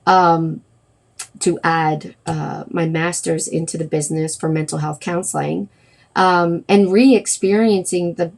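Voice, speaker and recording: A woman's voice: lowish voice, darkish tone. A middle-aged woman hosting a wellness livestream, talking casually and rambling, with many fillers and self-corrections.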